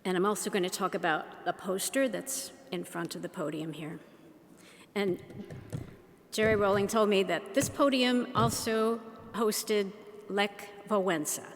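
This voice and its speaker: A woman giving an unhurried, teacherly talk to an audience, asking them questions as she goes. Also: mid-range voice, a little hiss or hum. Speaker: speaker. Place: large shrine hall. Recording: long hall reverb.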